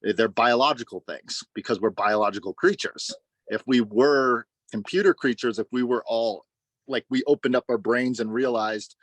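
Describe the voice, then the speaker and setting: A man's voice: mid-range voice, normal speed, dry recording. A man in a casual online group discussion, musing expansively about philosophy over a video call. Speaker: study group participant.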